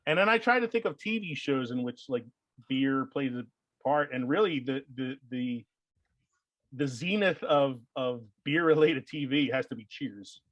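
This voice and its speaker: A man hosting a podcast in a loose, chatty way, trailing off into "uh" and "like" and laughing as he goes. His voice sits at an ordinary pitch. It is recorded close and dry, with no room sound. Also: lively intonation, normal speed, fairly bright tone, no room sound, poor audio. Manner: rambling, laughs often, filler-heavy. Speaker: podcast host. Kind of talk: casual chat.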